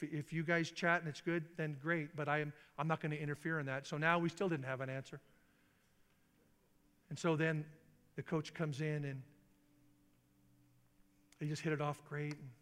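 A middle-aged male pastor telling a story in a sermon, acting out the quoted voices with big jumps in pitch. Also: pushed and bright, clear, resonant tone. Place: church sanctuary. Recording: long reverb in a large hall.

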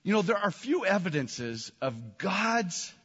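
A man preaches to his congregation in a high, bright voice, building to excited shouts as he tells a story. His words ring out with a long reverb in a big hall, and the recording sounds a little dull. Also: unhurried, husky. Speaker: pastor. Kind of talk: sermon.

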